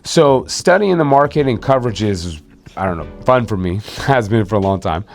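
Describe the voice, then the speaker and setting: A man with a fairly low voice talks through insurance coverage like he's chatting with a client. He leans on fillers and restarts his sentences. Faint music sits under the voice. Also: lively intonation, normal speed, vocal fry. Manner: conversational, with many fillers and restarts. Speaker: insurance agent hosting a video series. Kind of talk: casual explainer talk.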